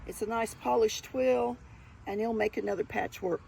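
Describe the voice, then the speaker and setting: An older Southern woman with a gravelly, creaky edge to her voice talks viewers through her yard sale finds. She is chatty and folksy and keeps calling her audience y'all in a relaxed show-and-tell haul. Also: on the high side, moderate pace, slight background noise, low-quality recording. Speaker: thrift haul vlogger.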